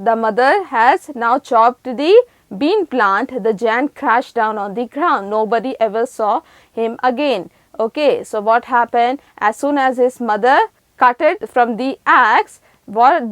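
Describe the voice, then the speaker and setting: A woman's voice: sits high, dry recording. A woman teacher, reading a children's story aloud in an online class, retelling each line simply and quizzing the children. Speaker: school teacher.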